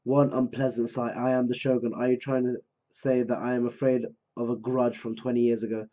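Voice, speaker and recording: A man's voice: mid-range voice, flat delivery, brisk, mellow, close to an everyday voice. A man reading the lines of a paranoid, boastful male shogun in a scornful tone, close to his own voice. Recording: dull lo-fi recording.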